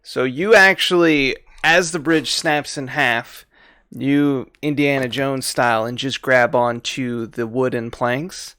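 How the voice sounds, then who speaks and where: Male game master, relaxed, chuckles a lot, slow delivery. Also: medium pitch, smooth, dry recording. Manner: laid-back, laughs often, fillers while thinking. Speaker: dungeon master. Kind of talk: narrating a tabletop game.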